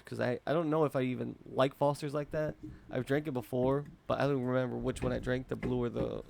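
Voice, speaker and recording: A man's voice: medium pitch, fairly even intonation, brisk, gravelly, a little mellow, a little hiss or hum. A man hosting a casual beer-tasting podcast, rambling and laid-back with casual slang. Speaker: podcast host.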